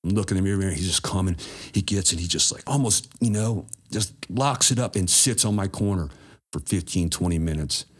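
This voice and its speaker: Male guest, very low voice, loose and profane storyteller. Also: fairly quick, slightly rough. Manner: laid-back, profane, slangy. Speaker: podcast guest. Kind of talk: casual storytelling.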